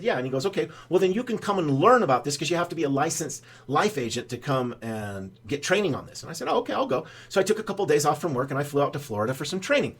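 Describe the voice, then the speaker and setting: Older man, financial adviser, casual explainer talk, folksy, rambling. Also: a little high. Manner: folksy, rambling, many ums and uhs.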